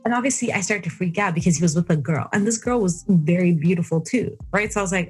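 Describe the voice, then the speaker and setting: A woman's voice: lowish voice, fast, hardly any pauses, darkish tone, soft background music. A young woman from South Africa hosting a podcast, animatedly telling a personal story and acting out her own thoughts. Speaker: podcast host. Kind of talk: casual storytelling.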